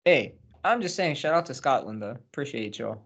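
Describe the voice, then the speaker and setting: A man's voice: mid-range voice, animated, brisk, a bit bright, breathy edge. A man co-hosting a podcast, rambling and joking about football with plenty of swearing. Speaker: podcast co-host. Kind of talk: casual chat about football.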